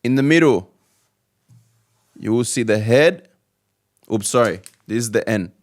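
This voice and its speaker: A man's voice: mid-range voice, expressive, measured pace. A man teaching the alphabet step by step, patiently repeating each letter sound. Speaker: Arabic teacher. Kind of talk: slow step-by-step lesson.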